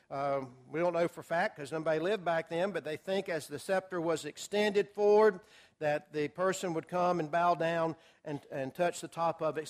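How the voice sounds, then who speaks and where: A man teaching a Bible study class to a group, talking casually with filler words and acting out quotes. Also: a little high. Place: classroom or church hall with a group.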